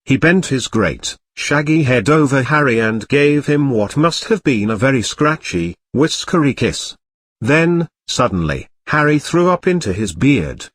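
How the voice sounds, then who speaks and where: A man narrating a comic parody storybook in an even, plain reading. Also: medium pitch, measured pace, dry recording.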